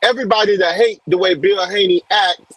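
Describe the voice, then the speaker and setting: A man's voice: high-pitched, steady tone, fairly quick, fairly bright tone, no echo, low-quality recording. A man calling in to a casual boxing chat, speaking emphatically and repeating his points. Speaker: guest on call.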